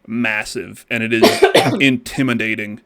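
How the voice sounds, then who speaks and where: A man's voice: on the low side, fairly even intonation, a little slow, a crowd in the background. Swearing man hosting a podcast. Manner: swears casually, trails off and restarts. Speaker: podcast host. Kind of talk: casual chat.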